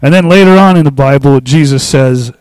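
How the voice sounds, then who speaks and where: A man preaching a casual sermon, talking loosely with fillers and restarts, and reading scripture slowly and with emphasis. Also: medium pitch, clear, resonant tone, dry recording, rough recording. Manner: relaxed, conversational, with fillers and restarts. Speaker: pastor.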